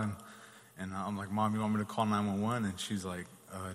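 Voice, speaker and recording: A man telling a guest story in a plain, steady way, with many fillers. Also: on the low side, a little fast, big-room sound. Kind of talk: casual storytelling.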